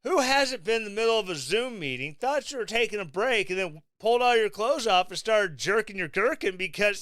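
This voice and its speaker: A man hosting his own podcast, giving sarcastic, mocking political commentary in a casual, animated way. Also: high voice, brisk, few pauses, dry recording, studio quality. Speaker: podcast host.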